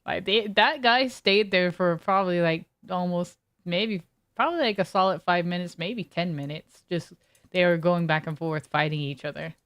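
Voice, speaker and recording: A young woman streamer chats over her game, telling stories that wander and restart, full of "like" and "um." Her voice sits a little low and comes across smooth and clean. The sound is dry and close, with no room around it. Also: moderate pace, a bit bright, dry recording. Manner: rambling storytelling with many fillers. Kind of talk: casual chat while gaming.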